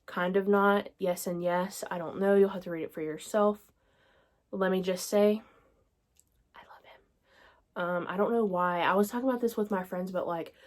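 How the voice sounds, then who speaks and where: A woman's voice: medium pitch, darkish tone. Chatty young woman, casual gushing book-review vlogger voice. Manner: chatty, gushing, many fillers like "like" and "y'all".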